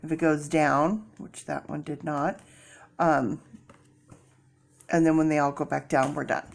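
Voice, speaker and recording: A woman's voice: deep voice, flat delivery, measured pace, gravelly, slight background noise. A woman doing a casual tarot reading, chatty and rambling, with many fillers and restarts as she explains her method. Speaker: tarot reader.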